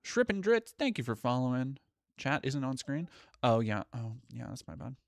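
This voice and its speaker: A man's voice: medium pitch, big pitch swings, normal speed, creaky, dry recording, studio quality. A man streaming live, chatting casually and profanely while reading out viewer comments. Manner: rambling, profane, reads chat aloud. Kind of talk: casual livestream chat.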